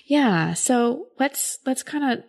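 A woman's voice: high voice, animated, slow, gravelly, darkish tone. A woman coach giving advice in a casual chat, explaining thoughtfully with frequent filler words.

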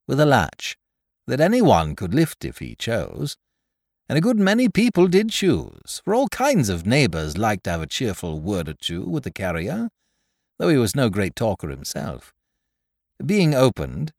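A man narrating a classic story aloud with expressive storytelling. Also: medium pitch, no echo, studio quality. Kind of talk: audiobook narration.

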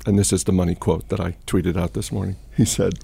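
A man's voice: sits low, level tone, fairly quick, gravelly, dark tone, husky. A man hosting a podcast, telling stories and chatting casually about markets, with many fillers and restarts. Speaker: podcast host. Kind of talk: casual storytelling and market chat.

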